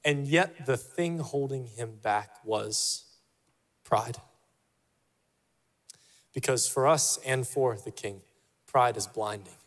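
A man's voice: medium pitch, slow, long pauses, long reverb tail. A male pastor preaching a sermon in a church, emphatic and repeating his key phrases for weight. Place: church sanctuary.

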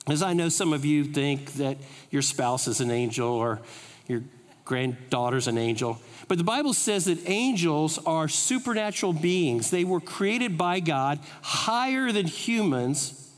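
A middle-aged man preaching a sermon full of funny personal stories, with an animated delivery. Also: fairly high pitch, measured pace. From United States. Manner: animated, humorous storytelling. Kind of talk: storytelling sermon. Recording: reverberant hall.

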